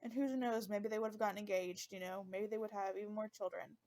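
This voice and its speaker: A woman's voice: medium pitch, fairly even intonation, fast, mellow. A woman hosting a true-crime podcast in a casual, conversational way, visibly emotional and fighting back tears. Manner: conversational with fillers. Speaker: podcast host.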